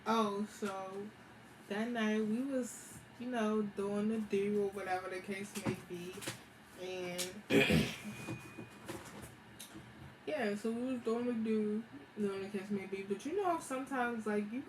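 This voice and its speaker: A woman's voice: mid-range voice, slow, pauses often. Slangy young woman telling a story. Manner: slangy, animated, laughs often. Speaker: vlogger. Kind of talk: casual storytime chat. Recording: echoey room with background noise.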